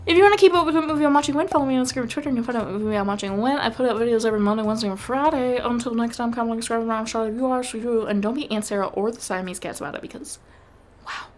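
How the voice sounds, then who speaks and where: Young woman vlogging about movies, gushy and animated, faint music behind. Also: a little high. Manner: gushing, animated, quick asides. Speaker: vlogger reviewing films. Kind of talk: casual chat to camera.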